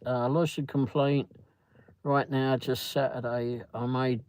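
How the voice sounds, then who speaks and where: A man's voice: medium pitch, level tone, unhurried, darkish tone, smooth, no room sound, low-quality recording. A man hosting a casual livestream, rambling through a story and greeting viewers by name. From Britain. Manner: rambling, chatty, reads viewer comments aloud. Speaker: livestream host.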